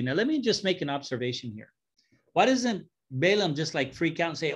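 A man's voice: a little high, sing-song, brisk, slightly rough. A man teaching a Bible study, reading scripture aloud and stopping to joke and explain it in a casual way.

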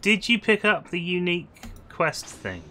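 A man's voice: high-pitched, big pitch swings, measured pace, sharp tone, faint music behind. A British man chatting casually during a game stream, laid-back with dry jokes. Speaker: gamer streaming with friends.

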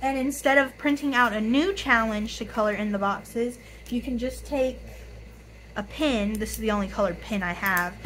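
A young woman in her twenties with a hoarse, raspy voice, chatting casually to camera, often apologizing and counting money out loud. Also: on the high side, normal speed, poor audio. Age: 20s. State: hoarse, voice tired. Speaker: budgeting YouTuber.

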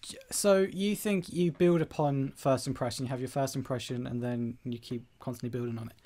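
A man's voice: medium pitch, steady tone, a little fast, warm tone. A man co-hosting a podcast, asking questions and teasing his co-host in casual chat.

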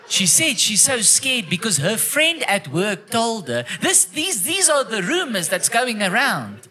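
A young South African man performing an animated stand-up comedy routine on a comedy club stage, telling stories and shouting at times. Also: high voice, a little slow, few pauses, noisy background. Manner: animated, storytelling with bursts of shouting.

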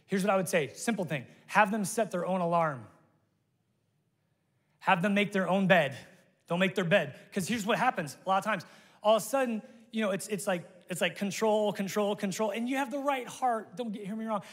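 A middle-aged pastor man preaching with lively, joking energy in a fairly high voice. His words ring out with a long reverb through a large church hall. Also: fairly quick. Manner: energetic, jokey, talks straight to the crowd. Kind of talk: sermon.

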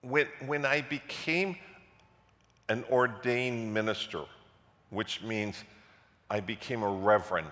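Male pastor, low-pitched, forceful delivery in a reverberant sanctuary, storytelling sermon. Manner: animated storytelling, repeats words, rises to loud passionate peaks. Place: church sanctuary. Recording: echoey church hall.

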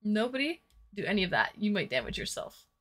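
A woman livestreams herself painting, chatting casually, reading viewer comments aloud and cracking crude jokes. Her medium-pitched voice is sing-song and fairly quick.

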